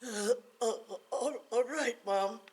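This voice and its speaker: A woman's voice: fairly high pitch, slow pace, a little mellow, slightly rough. A woman voicing a simple-minded young man who stammers and hesitates as he speaks. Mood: dim agreeable.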